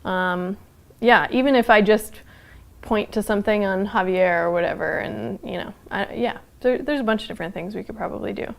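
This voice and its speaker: A woman teaching a casual live online anthropology lecture, chatty and loose with frequent fillers and quick laughs. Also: mid-range voice, creaky. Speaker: anthropology instructor.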